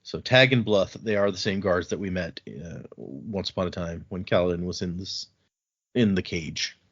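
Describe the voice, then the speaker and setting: A man hosting a casual book podcast, recapping chapters and slipping into quick voices for the characters. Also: sits low, fairly bright tone, slightly rough. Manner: retells scenes with quick put-on voices for characters. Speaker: podcast host. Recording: dull lo-fi audio.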